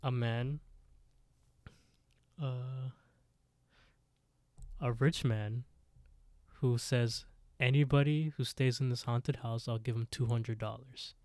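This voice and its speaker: A man's voice: medium pitch, steady tone, takes it slowly, pauses often, a little mellow, no room sound, studio quality. A man co-hosting a podcast, retelling a scary story in casual chat with lots of fillers. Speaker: podcast co-host.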